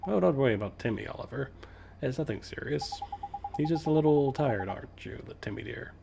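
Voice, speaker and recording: A man's voice: medium pitch, expressive, brisk, gravelly, noisy background. A man voicing a fussy, doting middle-aged woman who coos over her cat in baby talk. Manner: cooing, fussing baby talk.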